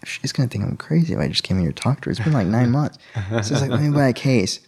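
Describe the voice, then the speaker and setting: A man's voice: fast talker, breathy edge. A man casually telling a personal story and acting out the dialogue with big jumps in his voice. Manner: animated, acts out quoted dialogue with sharp pitch jumps.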